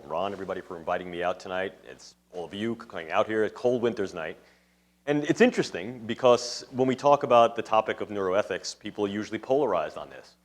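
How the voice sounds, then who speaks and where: A man with a thick New York City accent lectures a live audience in a lower register. He talks in long, discursive academic sentences, leaning on technical terms as he works through definitions. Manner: discursive academic, fond of jargon. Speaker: guest lecturer. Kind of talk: public lecture. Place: lecture room before an audience.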